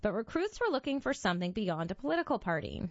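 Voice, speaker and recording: A woman's voice: quick pace, no echo, dull audio. A woman narrating a scripted history story with dramatic storytelling. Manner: dramatic storytelling with lively pitch.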